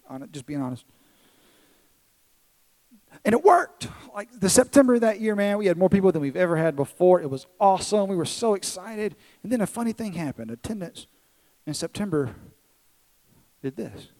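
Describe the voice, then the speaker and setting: A man in his thirties preaching a sermon in a church service, telling a personal story that swings from excited to hushed and tender. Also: high voice, fairly quick, low-quality recording. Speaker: pastor.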